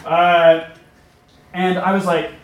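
A man's voice: high-pitched, monotone, takes it slowly, highs cut off, a little hiss or hum. A young man telling a personal story onstage before an audience, chatty and self-mocking, laughing as he talks. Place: stage before a live audience. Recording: echoey room.

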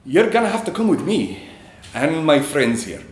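A man putting on a gruff Scottish bodyguard. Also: on the high side, normal speed, heavy reverb, pitched above the performer's own voice. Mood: stern. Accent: Scottish, attempted. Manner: deadpan, cursing. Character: gruff Scottish security man, deadpan prankster.

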